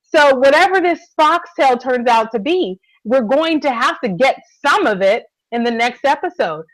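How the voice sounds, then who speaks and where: High-voiced, eager woman co-hosting a recap. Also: lively intonation, moderate pace, no echo, poor audio. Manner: enthusiastic, keeps addressing her co-host. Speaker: podcast co-host. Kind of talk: casual TV recap chat.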